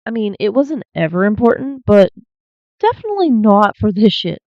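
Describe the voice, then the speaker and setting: Very animated, this medium-pitched woman reads paranormal stories at a moderate pace on her channel, cutting in with blunt asides full of swearing. The recording is dry, lo-fi, and a little dull.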